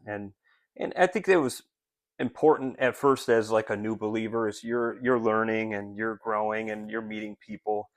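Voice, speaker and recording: A man's voice: lowish voice, steady tone, moderate pace, no room sound, studio quality. A man leading a street outreach ministry, giving an earnest, rambling update to supporters with many fillers and restarts. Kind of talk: casual spoken update to supporters. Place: Rochester area.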